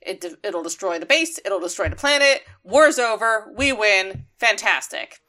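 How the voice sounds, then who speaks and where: A woman talking on a podcast in a loose, rambling way, full of "like" fillers and easy laughs. Her voice sounds bright and sharp at a middling pitch. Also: expressive, moderate pace. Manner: chatty with many "like" fillers, laughs easily. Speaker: podcast co-host. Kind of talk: casual recap chat.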